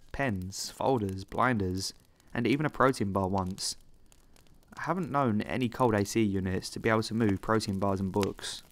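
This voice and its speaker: Low-voiced man narrating horror stories. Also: fairly bright tone, slight background noise. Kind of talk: scripted narration.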